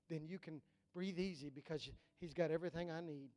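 High-voiced preacher with a drawl. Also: male voice, brisk, few pauses. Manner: impassioned preaching with rising, shouted repetitions and sudden hushed drops. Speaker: pastor. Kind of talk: sermon.

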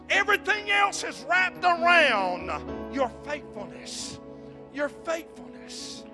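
A man preaching a sermon to his congregation, dropping to whispers and building to shouted praise, repeating phrases for emphasis. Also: very high-pitched, big pitch swings, a little slow, over music. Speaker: pastor.

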